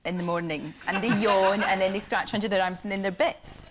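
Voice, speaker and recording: A woman's voice: mid-range voice, steady tone, a little fast. A woman presenting a comic panel quiz, teasing and laughing through her jokes. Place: TV studio with audience. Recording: heavy tape hiss from an old VHS copy.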